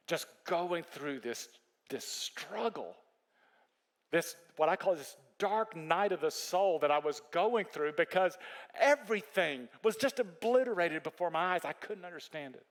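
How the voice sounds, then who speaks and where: A man preaching a sermon as a pastor, telling the story in an animated way that climbs high when he stresses a point. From Texas.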